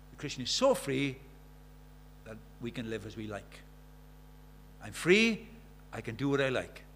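A man preaching a sermon, animated and rhetorical, asking the congregation questions and acting out the voices he quotes. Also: mid-range voice, a little hiss or hum.

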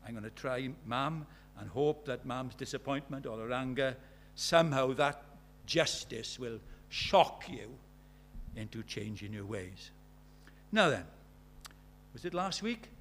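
A man's voice: medium pitch, lively intonation, unhurried, a bit bright. A middle-aged man from Britain preaching a sermon, telling stories with acted-out dialogue and firing rhetorical questions.

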